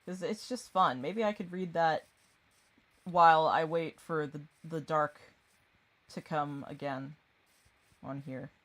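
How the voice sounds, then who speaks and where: A woman's voice: low voice, slow pace, pauses often, fairly bright tone. A woman streaming a game, chatting casually and rambling, often distracted. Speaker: gaming streamer. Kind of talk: casual chat while gaming.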